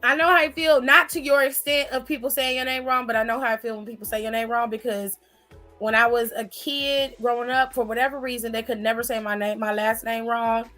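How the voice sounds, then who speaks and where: A high-pitched woman hosts a casual live stream. She reads comments aloud and chats playfully with viewers, calling them honey and child. Faint music plays behind her voice. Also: fairly even intonation, a little fast, sharp tone.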